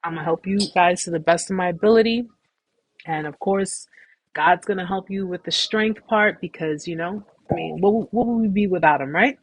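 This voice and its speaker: A woman hosting a live stream, talking casually and at length, warmly repeating reassurances to her viewers. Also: fairly low pitch, normal speed, husky, no echo. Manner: warm, effusive, repetitive reassurance; talkative, rambling with restarts. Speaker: host of a support live stream.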